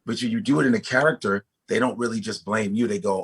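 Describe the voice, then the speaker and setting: A comedian talking casually as a guest, animated and profane, often restarting his sentences. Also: lowish voice, fast talker, breathy edge. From United States. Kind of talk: casual podcast conversation.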